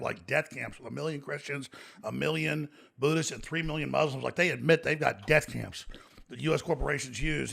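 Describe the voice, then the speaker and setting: Fast gravelly ranting man. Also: mid-range voice, fairly bright tone. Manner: ranting, emphatic. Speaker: podcast guest. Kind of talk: casual podcast chat. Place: podcast studio.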